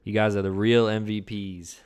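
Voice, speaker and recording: A young man co-hosting a casual podcast, laid-back and joking, his voice often dropping quiet at the ends of thoughts. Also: fairly low pitch, flat delivery, moderate pace, a little hiss or hum. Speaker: podcast co-host.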